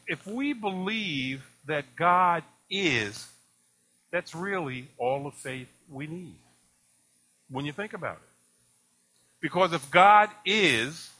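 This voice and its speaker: A man preaching with lots of animation, firing rhetorical questions at the congregation. His voice sits a bit high and rings bright. It rises and falls widely as he tells stories. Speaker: pastor. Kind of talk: sermon.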